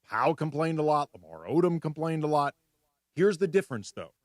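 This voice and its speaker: A man's voice: on the high side, lively intonation, normal speed, no room sound, clean studio sound. A man co-hosting a sports radio show, giving wry, analytical takes in casual talk.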